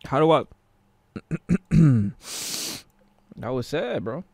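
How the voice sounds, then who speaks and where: A man streaming live, reacting to TV clips with animated, profane commentary and bursts of laughter. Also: medium pitch, extremely slow, gravelly, no echo.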